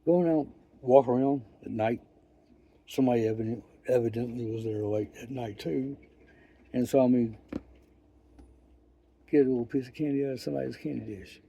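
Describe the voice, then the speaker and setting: An older man telling a rambling story in a profane, folksy, wry way, with pauses and restarts. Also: mid-range voice, vocal fry, mellow, highs cut off, a little hiss or hum. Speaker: vlogger. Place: outdoors.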